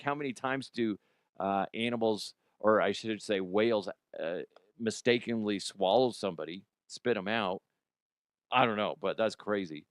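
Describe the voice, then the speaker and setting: Here a comedy news podcast host speaks in a fairly low male voice, captured as clean studio sound without echo. Profane and rambling, he reacts in disbelief to odd headlines, keeping the commentary loose and funny.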